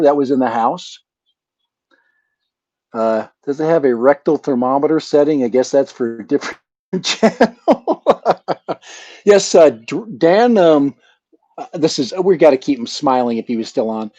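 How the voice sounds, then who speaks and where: Rambling, joking man, lively pitch. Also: a little slow, pauses often, no echo. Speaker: channel host. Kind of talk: casual live chat. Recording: dull lo-fi sound.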